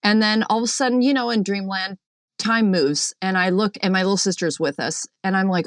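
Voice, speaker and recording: A woman's voice: medium pitch, fairly quick, dry recording, clean studio sound. Chatty woman caller telling a dream. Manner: chatty, animated storyteller, many fillers, acts out quotes. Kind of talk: recounting a dream on a call-in show. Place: on a boat.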